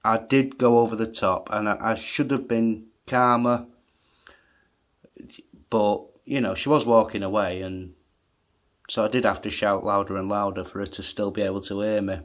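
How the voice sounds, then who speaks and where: A man's voice: fairly low pitch, flat delivery, moderate pace. A man telling an angry story on his own channel. He swears heavily, gets agitated, and laughs at himself between rants. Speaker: vlogger. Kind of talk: ranting monologue story.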